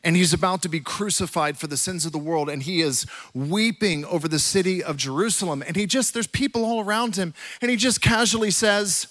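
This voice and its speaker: A man pastor, delivering a conversational, animated sermon in a church. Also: sits high, a little fast, few pauses. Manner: animated, conversational preaching with rising bursts. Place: church auditorium.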